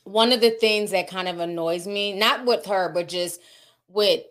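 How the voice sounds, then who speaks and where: A woman's voice: mid-range voice, unhurried, fairly bright tone. A woman commentator in casual chat, talking bluntly and with animation, swearing freely.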